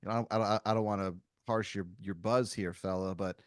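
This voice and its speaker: A man's voice: fairly low pitch, fairly even intonation, a little fast, no echo, studio quality, close to an everyday voice. A man voicing a whimsical male space wizard who talks in a laid-back, rambling way.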